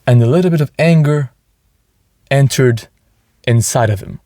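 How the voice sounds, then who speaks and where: A man's voice: mid-range voice, lively intonation, normal speed, long pauses, dark tone, no room sound, clean studio sound. A man hosting a motivational podcast, talking earnestly and enthusiastically, with frequent restarts. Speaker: podcast host.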